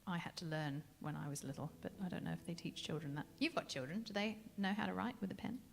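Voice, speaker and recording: A woman's voice: on the low side, fast talker, vocal fry. A woman from England, a jazz singer chatting and joking with the audience between songs on a club stage.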